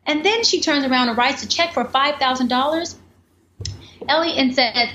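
Animated woman telling a story, slightly muffled. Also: high-pitched, moderate pace. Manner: animated, jumps into voices of others. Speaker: life coach guest. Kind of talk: storytelling in an interview. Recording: slightly muffled with faint background noise.

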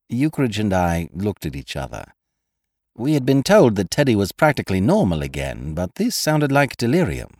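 Male storybook narrator, low voice with lots of lilt, dry close sound. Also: huge pitch swings, moderate pace, darkish tone, dry recording. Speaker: reader. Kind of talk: scripted narration.

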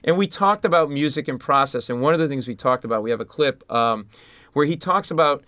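A man from Rhode Island, a stand-up comedian telling lively anecdotes in an interview and jumping into loud voices of the people in them. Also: medium pitch, brisk, dry recording. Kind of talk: animated storytelling in an interview.

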